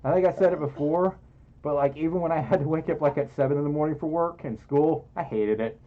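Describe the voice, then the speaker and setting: A man's voice: fairly high pitch, fast. A man hosting a casual livestream in a fursuit, reading donations aloud in a playful, giggly, self-deprecating way. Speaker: streamer. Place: indoors, in a fursuit. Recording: muffled audio.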